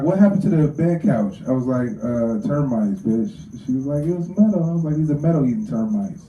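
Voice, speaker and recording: A man doing a crude stand-up set at a garage open mic, telling stories excitably and getting loud. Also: medium pitch, a little hiss or hum. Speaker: stand-up comedian. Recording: roomy garage heard from far off.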